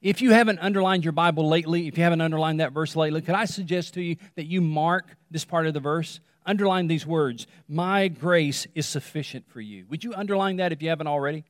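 A male pastor preaching a sermon, repeating phrases for emphasis and dropping to a hush on key words. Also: on the high side, steady tone, dry recording, studio quality, in a large hall. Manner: dramatic pauses, repetition, drops to a hush on key words.

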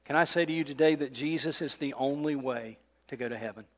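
With a brisk delivery and a mid-range, slightly bright voice, a male pastor gives a sermon in the sanctuary, talking conversationally and often throwing questions at his listeners. The audio has a big-room sound.

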